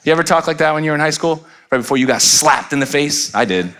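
A man's voice: on the high side, animated, quick pace, fairly bright tone. A middle-aged man preaching a sermon as pastor, conversational and playful, acting out little quoted voices.

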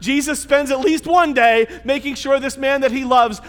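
A man's voice: extremely high pitch, moderate pace, fairly bright tone. A man preaching a sermon to his church in a conversational way, with rhetorical questions and emphatic repetition. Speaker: pastor. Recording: long church-hall reverb.

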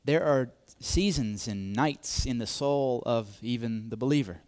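A man's voice: mid-range voice, unhurried, darkish tone. A man preaching a sermon, repeating key phrases, swelling to emphatic peaks and dropping to near whispers. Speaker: pastor.

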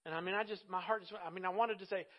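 High-voiced pastor preaching with emphatic swells. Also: male voice, fairly even intonation, racing. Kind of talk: sermon. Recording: dull lo-fi sound.

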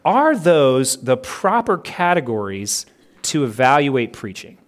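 A pastor preaching a sermon in an earnest way, slowing down and stressing each item when he reads out a list. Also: medium pitch, sing-song. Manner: earnest, slows down and stresses items in lists.

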